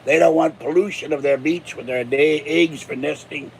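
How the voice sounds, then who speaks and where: A man's voice: on the high side, steady tone, moderate pace, gravelly, slight background noise. An older man from Pittsburgh, a channel host rambling through jokes and tall tales in a casual monologue. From Pittsburgh, USA. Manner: joking, chuckling, tall tales.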